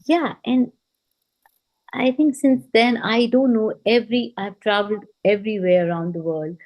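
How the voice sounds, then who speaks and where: A middle-aged woman from India, a guest on a video-call interview, telling her story in a casual, animated way and acting out what people said. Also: fairly high pitch, normal speed, lo-fi sound. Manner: animated, re-enacts quoted dialogue with "I'm like".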